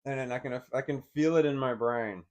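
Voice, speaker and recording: This mid-range male voice belongs to a live streamer who hesitates as he reasons through what's in front of him, often saying words twice.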